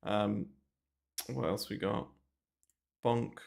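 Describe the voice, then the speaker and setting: A crypto streamer speaks extremely slowly in a lowish, slightly mellow voice with vocal fry. He rambles casually through market commentary on a livestream with constant fillers and casual swearing, using a close desk mic in a small, bare room.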